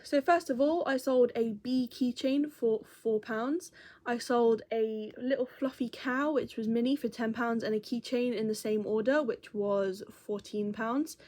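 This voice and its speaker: A woman's voice: a little high, a little slow, a little mellow. A young woman chatting casually as a crochet vlogger, rambling and correcting herself as she goes. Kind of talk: casual chat.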